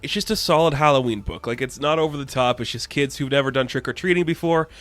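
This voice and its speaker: A man's voice: mid-range voice, fast talker, fairly bright tone. A young man casually recapping and reviewing a comic book issue, chatty and full of fillers. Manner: chatty, lots of fillers and quoted voices.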